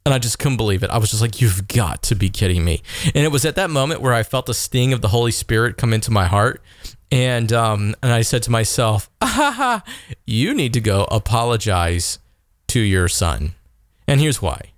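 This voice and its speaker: A man in his thirties hosting a podcast, telling a self-deprecating story in a casual, animated way. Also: medium pitch, normal speed, no echo, studio quality. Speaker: podcast host.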